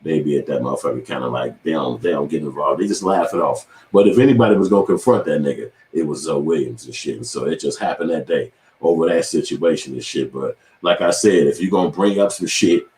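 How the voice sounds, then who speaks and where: A man hosting his own channel, talking in a profane, animated commentary monologue and slipping into quoted voices as he tells stories. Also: rumbling low, quick pace, roomy sound, rough recording. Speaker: channel host.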